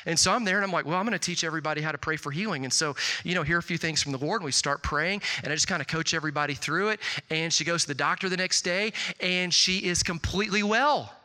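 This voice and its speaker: A middle-aged man preaching a sermon, telling stories with lots of "like" and jumping up loud and high when he quotes people. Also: fast talker, hardly any pauses. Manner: animated storytelling, swings loud and high on quotes, filler "like". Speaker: pastor. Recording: long hall reverb.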